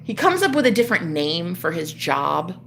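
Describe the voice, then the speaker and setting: Young woman streamer, bright sharp voice, rambling storyteller who swears and jumps from loud to hushed. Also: lowish voice, normal speed, creaky, a little hiss or hum. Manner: animated, swearing, swings between loud outbursts and hushed murmurs. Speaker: livestream host.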